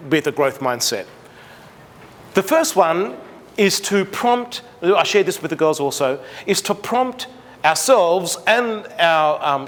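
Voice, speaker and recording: High-voiced Australian man in a reverberant hall. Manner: animated, acts out dialogue with his daughter. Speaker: speaker at a parent seminar. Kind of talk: motivational seminar talk. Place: large school hall.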